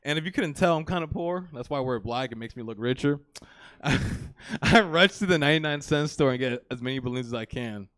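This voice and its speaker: A man's voice: medium pitch, a little fast, a bit bright, no room sound, studio quality. A young man in his twenties doing a live stand-up set on a comedy theater stage, rambling and crude, with plenty of "you know" and "like".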